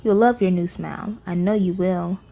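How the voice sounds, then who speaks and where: A woman reading the lines of a gentle old grandfather in a storybook. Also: on the low side, steady tone, normal speed, creaky.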